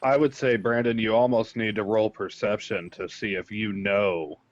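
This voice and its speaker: A man's voice: lowish voice, fairly even intonation, normal speed. A man playing a tabletop game, eager and speaking up in character as captain. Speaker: player. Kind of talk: casual tabletop game chat. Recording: dull lo-fi mic.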